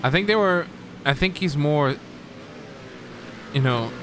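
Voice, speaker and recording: A man's voice: on the high side, lively intonation, slow, noisy background. Opinionated male co-commentator. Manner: opinionated, jokey, laughs at crashes. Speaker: sim racing co-commentator. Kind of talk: live race commentary chat.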